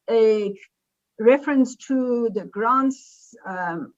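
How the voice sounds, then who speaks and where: A woman giving a remote conference talk, halting and often correcting herself. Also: fairly high pitch, a little mellow, dull audio. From South Africa. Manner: halting, self-correcting delivery. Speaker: invited conference speaker.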